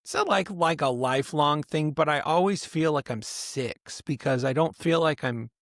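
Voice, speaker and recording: A man's voice: fairly high pitch, normal speed, dry recording, studio quality. A man co-hosting a podcast, telling stories in loose rambling casual chat and laughing often. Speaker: podcast co-host.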